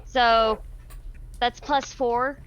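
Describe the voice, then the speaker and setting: A woman's voice: on the high side, fairly even intonation, very slow, fairly bright tone, muffled recording, a little hiss or hum. A woman player chatting casually and thinking aloud during a tabletop game. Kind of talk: casual chat while playing a tabletop game.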